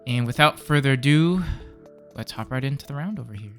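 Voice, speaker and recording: A man's voice: medium pitch, animated, brisk, faint music behind. A man hosting a card game channel, upbeat and chatty as he opens the match commentary. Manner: upbeat, chatty, laughs easily. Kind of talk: casual match commentary intro.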